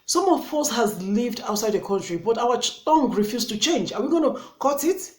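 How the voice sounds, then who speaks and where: A woman's voice: a little high, animated, moderate pace. A woman from Africa with an African English accent, scolding her critics in an opinion vlog, full of rhetorical questions. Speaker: YouTuber. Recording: echoey room.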